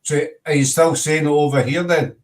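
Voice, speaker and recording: A man's voice: a little high, steady tone, moderate pace. A Scottish man hosting a casual chat show, teasing his guests and laughing often. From Scotland. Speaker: host.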